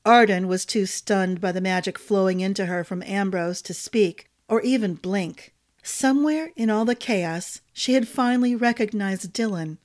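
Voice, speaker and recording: A woman's voice: medium pitch, moderate pace, a little mellow. A woman hosting a storytelling podcast and narrating a fantasy novel chapter.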